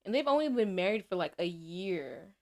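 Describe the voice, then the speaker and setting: A woman's voice: on the low side, normal speed, soft background music. A woman hosting a reaction video, chatty and emotional as she watches a drama series. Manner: excitable, emotional, chatty, laughing often.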